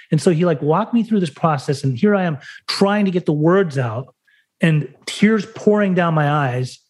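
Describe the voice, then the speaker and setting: Higher-voiced American man telling a raw story. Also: expressive, moderate pace, darkish tone. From United States (Salt Lake City). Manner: emotional, blunt, swears freely, acts out dialogue. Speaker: podcast guest. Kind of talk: candid personal storytelling in conversation.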